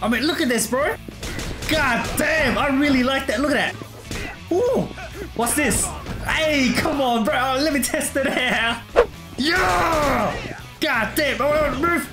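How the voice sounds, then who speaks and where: A man gives casual, excitable commentary while playing a video game. He laughs often and drops "bro" and "man" into nearly every line. Game music plays clearly behind his voice. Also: very high voice, measured pace. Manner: excitable, laughs a lot, says "bro" constantly. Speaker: gameplay streamer. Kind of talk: casual let's play commentary.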